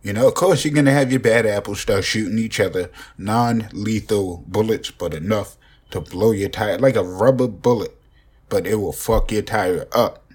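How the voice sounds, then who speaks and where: A man's voice: fairly low pitch, normal speed, a little mellow, breathy edge. A young man rambling profanely and joking in a casual podcast monologue, recorded on a phone. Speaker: podcast host.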